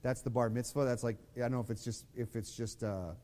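A man's voice: medium pitch, steady tone, fairly quick, mellow, big-room sound. A man teaching a Bible study in a loose, conversational way, repeating words and reading scripture aloud.

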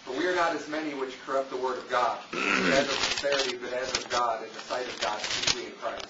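A man in a church congregation reading a scripture passage aloud, quiet and halting. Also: mid-range voice, fairly even intonation, highs cut off, background noise.

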